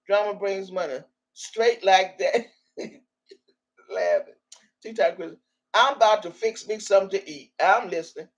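A woman's voice: fairly low pitch, measured pace, long pauses. A woman in her sixties hosting a casual livestream, reading viewer comments aloud in a loose, salty way and laughing often.

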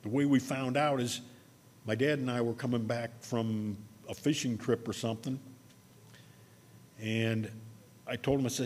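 A man preaching a sermon, telling a personal story in a conversational way and slowing down to stress key words. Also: medium pitch, fairly even intonation, a little mellow, long reverb tail. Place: church sanctuary.

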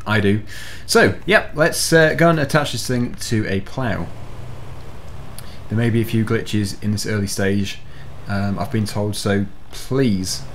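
A man's voice: on the low side, slight background noise. A man giving casual commentary over gameplay as host, explaining the controls step by step in a chatty way. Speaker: gaming video host.

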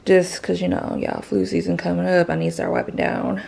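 A pregnant woman vlogging in casual chat, out of breath, often dropping to a breathy whisper and calling her viewers y'all. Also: on the low side, flat delivery, a little mellow. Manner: drawn-out Southern US slang, addresses viewers as y'all.

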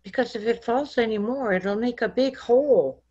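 A woman voicing a small, gentle, earnest boy who speaks in a childlike, plaintive way. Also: on the high side, moderate pace, husky, pitched above the performer's own voice. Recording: dull lo-fi recording.

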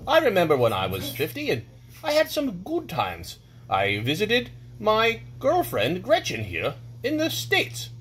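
A man's voice: huge pitch swings, measured pace, a bit bright, husky, heavily acted. A man putting on a pompous, mustached British lord with a hammy, lurching delivery in a comic birthday video. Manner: hammy, lurching between shrill and low.

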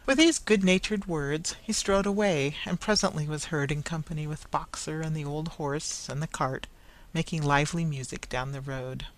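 Narrator for a learners' audiobook, measured and clear. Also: medium pitch, low-quality recording. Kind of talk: scripted story narration for English learners.

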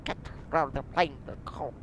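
A young man giving excitable let's play commentary, exclaiming and reading game text aloud. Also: on the high side, moderate pace, background noise. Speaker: gaming YouTuber. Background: game music.

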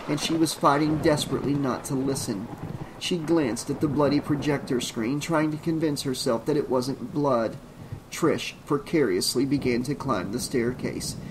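A man's voice: mid-range voice, background noise. Man narrating a horror audiobook.

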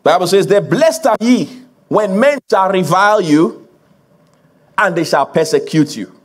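A man's voice: sits high, lively intonation, a little slow. A man preaching a sermon as a pastor to his congregation, building emphasis with repeated phrases and laughing along with the crowd.

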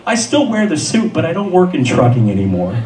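A man's voice: fairly high pitch, a little fast, crowd noise. Man telling a story in an echoey room. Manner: lively, acts out the voices of the people in his story. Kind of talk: live comic storytelling. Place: venue at a live story event. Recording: echoey room, mic far off.

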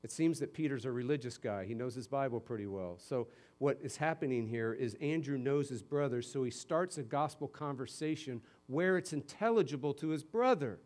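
A man from Connecticut preaching a sermon as pastor, conversational and lively, moving between quiet and emphatic stretches. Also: mid-range voice, moderate pace, hardly any pauses. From Connecticut, USA.

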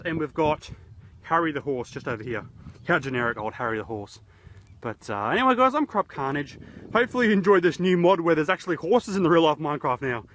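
A man's voice: on the high side, a bit bright, a little hiss or hum. Jokey Australian man rambling outdoors. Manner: jokey, rambling, self-mocking. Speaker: YouTuber host. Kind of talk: goofy outdoor vlog. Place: outdoors in a horse paddock. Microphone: handheld camera.

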